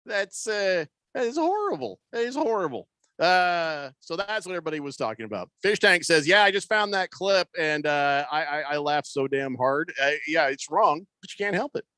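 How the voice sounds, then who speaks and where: A man's voice: fairly high pitch, moderate pace, few pauses, bright, forceful tone, clean tone, no room sound. A man hosting a sports radio show in casual chat, rambling loosely with plenty of fillers and restarts. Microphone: studio microphone.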